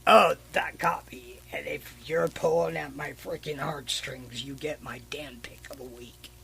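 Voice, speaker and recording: Higher-voiced man recapping a comic. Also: level tone, unhurried, creaky, a bit bright, a little hiss or hum, low-quality recording. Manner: rambling retelling of a comic with swearing. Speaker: podcast co-host. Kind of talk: casual chat.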